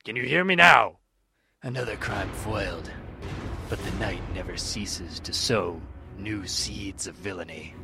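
A man playing an earnest, pompous masked crimefighter in a comedy radio play, with gruff, melodramatic bravado. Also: fairly low pitch, measured pace, noisy background. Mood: heroic.

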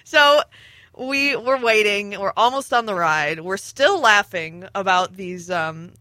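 A woman telling a rambling story in casual chat, laughing often and filling pauses with ums. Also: medium pitch, expressive, sharp tone, no room sound, clean studio sound. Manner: giggly, rambling with many fillers. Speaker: storyteller on a podcast.

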